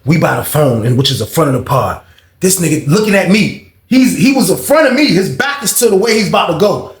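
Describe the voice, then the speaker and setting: Young guy telling a story, animated, mutters then shouts, kinda high voice, echoey room. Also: fairly quick. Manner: animated, swings from low mutter to loud shouts acting out quotes. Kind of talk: casual storytime monologue.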